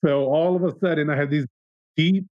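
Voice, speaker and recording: A man's voice: on the high side, a little fast, a little mellow, no room sound. A man in his thirties, a podcast guest, telling a candid personal story in an earnest, reflective way, often restarting his sentences. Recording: dull lo-fi sound.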